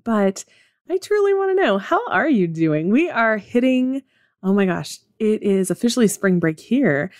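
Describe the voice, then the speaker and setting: A woman's voice: medium pitch, a little mellow, dry recording, studio quality. A woman hosting her own podcast, speaking in an upbeat, chatty way straight to her listeners. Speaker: podcast host. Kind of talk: solo podcast monologue.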